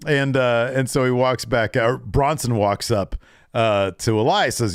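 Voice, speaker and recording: A man's voice: medium pitch, normal speed, smooth, no echo, clean studio sound. A man co-hosting a casual podcast, recapping wrestling and acting out quotes in voices. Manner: animated, acts out quotes in voices. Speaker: podcast co-host.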